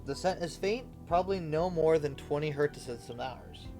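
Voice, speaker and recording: A man's voice: on the high side, normal speed, a little mellow, soft background music, pitched above the performer's own voice, natural voice. A man voicing an eager, loyal little puppy. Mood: earnest. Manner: earnest, pleading, then boastful threats.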